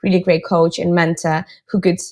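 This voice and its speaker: A woman who is a guest on a podcast, talking about sales in a calm, appreciative way. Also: fairly low pitch, normal speed. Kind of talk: casual interview conversation.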